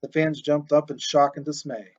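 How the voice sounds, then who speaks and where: A man narrates an audiobook in a steady, expressive voice that sits a little high for a man. The recording is muffled and lo-fi, with dull treble. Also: moderate pace.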